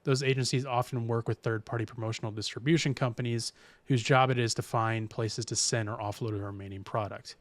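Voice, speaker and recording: A man's voice: mid-range voice, steady tone, a little fast, dry recording. A man hosting a podcast in casual chat, rambling and reading news aloud with restarts. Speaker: podcast host.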